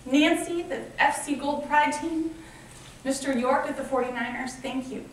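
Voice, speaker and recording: A nonprofit founder in her thirties gives an enthusiastic, grateful fundraiser speech full of personal stories. Her high voice moves at a normal speed, picked up from a distance in a large, echoey convention hall with a little hiss or hum.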